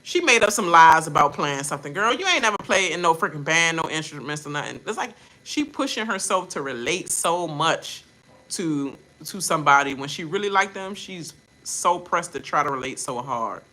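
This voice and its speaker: A woman hosting a reaction channel, ranting in a casual, animated way and mimicking people in quoted voices. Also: low voice, moderate pace.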